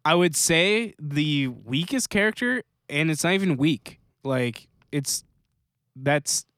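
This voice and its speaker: A man's voice: on the high side, lively intonation, fairly bright tone, dry recording, studio quality. A man co-hosting a podcast, chatting casually about a series, with lots of restarts and fillers. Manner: rambling, halting restarts and fillers. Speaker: podcast co-host. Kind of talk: casual chat.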